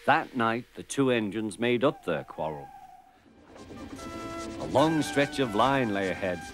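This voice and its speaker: A British man narrating a children's storybook in a measured, expressive way. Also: lowish voice. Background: music.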